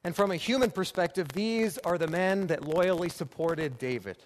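Male preacher, slightly high voice, emphatic repetition, long reverb and faint hiss. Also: normal speed. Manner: emphatic, repeating phrases for rhetorical build. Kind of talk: sermon.

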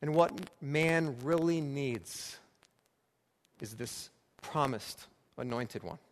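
Male preacher, slightly high voice, emphatic repetition, long reverb and faint hiss. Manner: emphatic, repeating phrases for rhetorical build. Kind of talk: sermon.

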